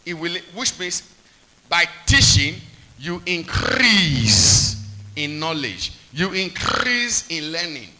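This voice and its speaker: A man's voice: fairly high pitch, very animated, slow, sharp tone, poor audio. A man preaching a sermon, repeating points and quizzing the congregation with call-and-response questions.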